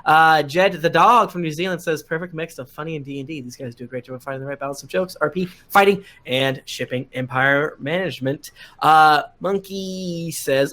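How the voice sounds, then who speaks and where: A man's voice: fairly high pitch, sharp tone. Chuckling man reading reviews aloud. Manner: reads quickly in bursts, with frequent "uh" and chuckles between reviews. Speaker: podcast cast member reading listener reviews. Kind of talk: casual reading aloud on a live stream. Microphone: desk mic on a live stream.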